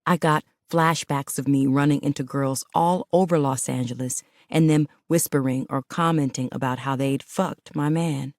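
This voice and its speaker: Deep-voiced woman narrating an audiobook. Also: steady tone, moderate pace, hardly any pauses, no room sound, clean studio sound. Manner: intimate, emotional storytelling. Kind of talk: first-person audiobook narration.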